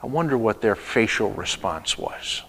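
A male pastor preaching a sermon, telling a story with rhetorical questions and sudden shifts between loud and hushed. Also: fairly low pitch, animated, normal speed, slightly rough, low-quality recording.

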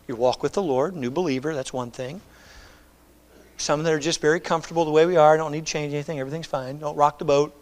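A middle-aged man preaching a conversational, animated sermon, acting out quoted voices. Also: fairly high pitch. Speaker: pastor.

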